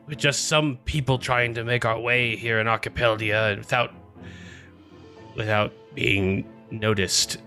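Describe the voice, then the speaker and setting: A man voicing an anxious female island resident in a tabletop role-play, speaking haltingly and stumbling over words. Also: fairly low pitch, fairly even intonation, bright, forceful tone, soft background music. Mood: worried. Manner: halting, stammering speech.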